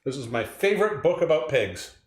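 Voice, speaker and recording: Male co-host, higher-pitched, very animated, playful quiz-master, echoey room. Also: a little fast. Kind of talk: casual comedy banter, quoting pig characters.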